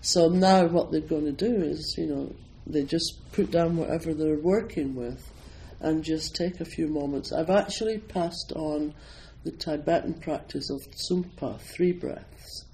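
A Scottish man with a slightly raised voice speaks as a meditation teacher to a live audience. His manner is relaxed and self-deprecating, and he fills his talk with ums and you-knows. A faint hum of room noise sits behind him. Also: fairly high pitch, unhurried, hardly any pauses, low-quality recording. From Scotland. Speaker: Zen meditation teacher, priest.

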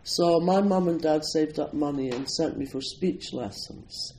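Older man from Scotland, slightly high voice, unhurried, chatty and digressive, easy laughs. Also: dark tone, slight background noise, poor audio. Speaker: speaker at a Zen centre. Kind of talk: casual talk introducing a poetry reading.

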